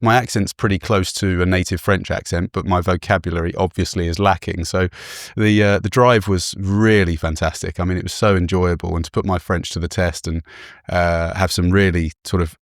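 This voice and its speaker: Chatty English man with a low voice. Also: fairly even intonation, fairly quick, no room sound, studio quality. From England. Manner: chatty, self-deprecating, laughs often. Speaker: podcast host. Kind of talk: casual storytelling chat.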